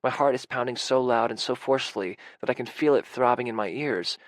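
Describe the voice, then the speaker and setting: A man's voice: medium pitch, a little fast, no room sound. Man, audiobook narrator, intimate, emotional, mid-range voice, dry studio sound. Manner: intimate and emotional, with anxious, racing passages. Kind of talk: scripted first-person audiobook narration.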